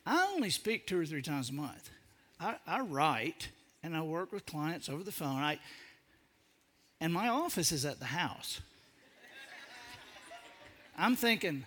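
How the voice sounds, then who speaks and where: An animated man speaks to an audience in a high, bright, lively voice, telling a comic story at his own expense. His pitch leaps around and his speech is colloquial. He often stammers and restarts mid-sentence. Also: measured pace, long pauses. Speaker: public speaker. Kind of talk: humorous storytelling talk to an audience.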